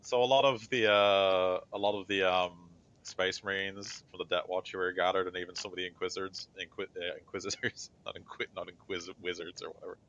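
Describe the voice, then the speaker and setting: A man's voice: deep voice, fairly even intonation, fairly quick, hardly any pauses, a bit bright. A man narrating a tabletop game as game master, in a loose, rambling way full of fillers, on a dull lo-fi recording.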